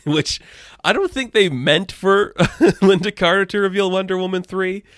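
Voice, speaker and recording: Chatty male commentator, rambling and laughing, a little high-pitched, dry close mic. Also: moderate pace, a bit bright, dry recording. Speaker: pop culture commentator. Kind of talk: casual commentary.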